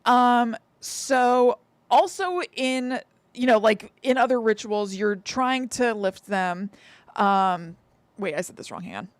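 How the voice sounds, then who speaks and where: A woman's voice: a little high, slow, no echo. A woman co-hosting a podcast, chatting casually and reading an old text aloud, correcting herself and giggling. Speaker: podcast co-host.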